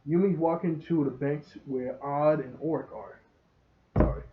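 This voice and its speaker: A man giving a casual, rambling episode review. He gets excited, laughs often and retells scenes as he goes. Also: a little high, unhurried. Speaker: show reviewer. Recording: roomy, dull lo-fi sound.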